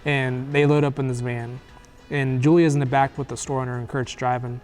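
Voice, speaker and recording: A man in the middle of his range, talking through a movie plot in a loose, rambling way, full of "uh"s, restarts and quick quoted lines. Faint music sits underneath him. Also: medium pitch, level tone, a little mellow. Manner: rambling, filler-heavy plot retelling with quick acted quotes. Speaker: movie review host. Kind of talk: casual movie recap.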